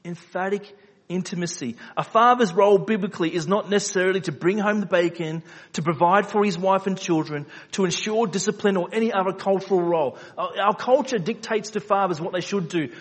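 A man preaching a sermon, asking rhetorical questions and repeating phrases for emphasis, moving between quiet low stretches and loud emphatic peaks. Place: church hall. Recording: reverberant hall.

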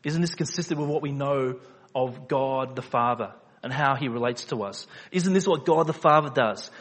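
A man preaching a sermon, asking rhetorical questions and repeating phrases for emphasis, moving between quiet low stretches and loud emphatic peaks. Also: moderate pace. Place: church hall. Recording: reverberant hall.

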